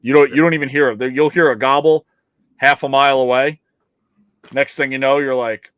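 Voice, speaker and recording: A man's voice: medium pitch, steady tone, normal speed, fairly bright tone, clean tone, dry recording. Boastful man with a dry sound. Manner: boastful, swears, trails off with fillers. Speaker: co-host. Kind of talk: casual podcast chat.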